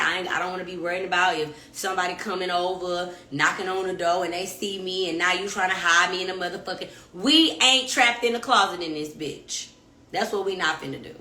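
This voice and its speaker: A young adult woman, hosting a podcast and telling a story in blunt, profane, animated casual talk. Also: mid-range voice. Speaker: podcast host. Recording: echoey room.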